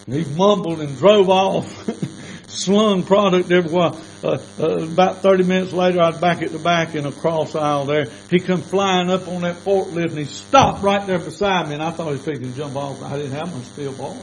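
A man's voice: a little high, fairly even intonation, a little fast, slight background noise, rough recording. Folksy older preacher man. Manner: folksy, plainspoken storyteller. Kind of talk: storytelling sermon.

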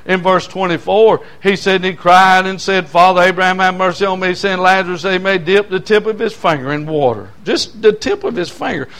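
An older man preaching hellfire from the pulpit in a high, bright voice. He climbs to loud, stretched-out cries and drops back low, calling out for amens. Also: brisk, few pauses. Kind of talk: fiery sermon.

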